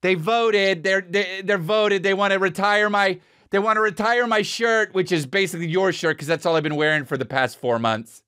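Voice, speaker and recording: A man's voice: high voice, normal speed, few pauses, sharp tone, smooth, dry recording, clean studio sound. A man hosting a podcast, telling a crude, rambling comedic story. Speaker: podcast host.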